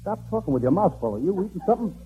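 A man doing a fast, wisecracking, whiny comic routine in a 1940s radio comedy. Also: sits high, big pitch swings. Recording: tinny old radio broadcast with music.

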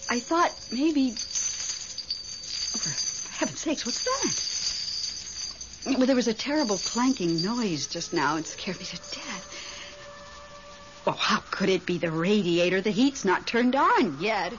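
An actress playing a fussy, jumpy widow in a radio drama, fluttery and exclamatory. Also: female voice, mid-range voice, expressive, measured pace, pauses often, natural voice. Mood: chatty. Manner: fluttery, exclamatory, stammering when startled. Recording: dull lo-fi radio recording with faint hiss.

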